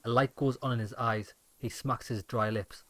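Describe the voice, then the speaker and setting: A man narrating game text aloud in a steady, plain reading voice. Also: medium pitch, normal speed, no echo. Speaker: let's-play narrator.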